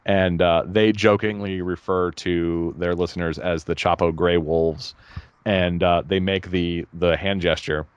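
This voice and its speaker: A man co-hosting a podcast, chatting casually in a rambling, animated way and laughing at his own jokes. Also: low-pitched, measured pace, smooth, dull audio. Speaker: podcast co-host. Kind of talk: casual chat.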